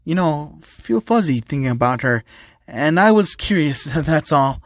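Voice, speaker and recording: A man's voice: on the high side, expressive, unhurried, no room sound, clean studio sound. A man reading as an eager naive cat boy. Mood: shy, confused. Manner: eager, childlike, stammering "um".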